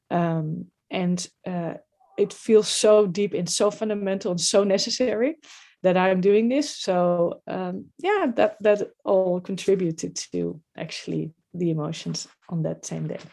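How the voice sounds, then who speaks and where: A middle-aged woman with a Dutch accent appears as a guest on a podcast interview, speaking reflectively and hesitantly with many fillers. Her voice is low-ish, creaky, and mellow.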